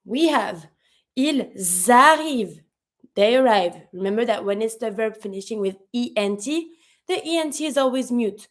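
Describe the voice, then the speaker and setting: A woman, a native French speaker, teaching a pronunciation lesson in English, repeating example words slowly and patiently. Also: fairly high pitch, a little mellow. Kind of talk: language lesson explaining pronunciation.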